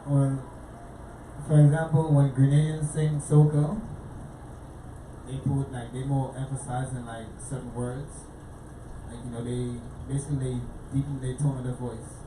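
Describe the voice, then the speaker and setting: A man's voice: mid-range voice, flat delivery, a little slow. A man, a guest DJ, giving brief and hesitant answers in a casual radio interview. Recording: roomy, distant mic, faint noise.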